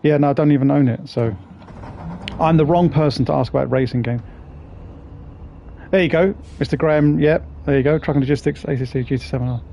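A man's voice: a little high, a little fast, gravelly, dark tone, lo-fi sound, a little hiss or hum. Chatty man streaming games. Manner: chatty, swears, greets viewers by name. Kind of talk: casual live-stream chat.

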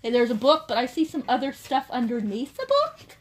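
A young woman unboxing a book subscription box in casual chat, gushing and excitable. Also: sits high, a little fast. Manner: gushing, excitable, repeats "oh my gosh".

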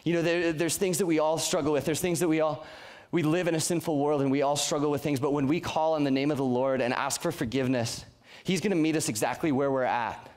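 A man's voice: fairly high pitch, steady tone, fast, few pauses, darkish tone. A young man preaching a youth sermon in an earnest, conversational way, often restarting his sentences. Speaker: youth pastor.

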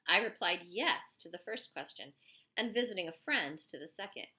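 Audiobook narrator: woman, animated, bright, first-person storytelling. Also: on the low side, moderate pace.

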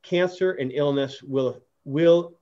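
A man's voice: on the high side, takes it slowly, dark tone, lo-fi sound. A man hosting an interview, telling stories earnestly with many restarts and fillers. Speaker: host. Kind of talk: casual interview chat.

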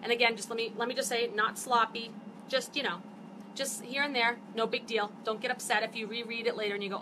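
A woman in her fifties hosts a network marketing live stream on a phone or webcam, her fairly high voice brisk against a noisy background. She chats casually and animatedly with viewers, getting fired up as she goes.

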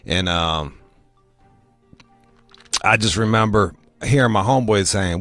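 A man hosting a podcast, telling crude comic stories full of swearing and jumping into high squeaky voices to act out other people. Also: unhurried, long pauses, no echo, faint music behind. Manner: profane, animated, mimics people in high voices. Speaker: podcast host. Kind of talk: crude comedic storytelling.

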